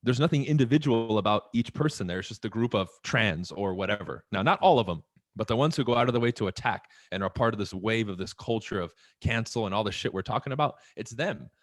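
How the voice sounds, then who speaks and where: A man talking in a casual podcast chat, animated and profane, firing off rhetorical questions. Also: fairly low pitch, fast, no room sound. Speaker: podcast guest.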